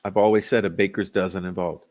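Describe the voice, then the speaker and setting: A man's voice: low-pitched, fairly even intonation, fast talker, darkish tone. Sarcastic, profane man ranting. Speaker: commentary channel host. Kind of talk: ranting commentary.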